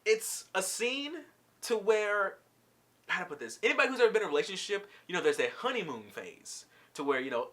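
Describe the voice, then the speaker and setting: Man, casual vlog recap, slangy storyteller, lively bright voice, swoops up and down. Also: high voice, brisk. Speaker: vlogger recapping a cartoon episode.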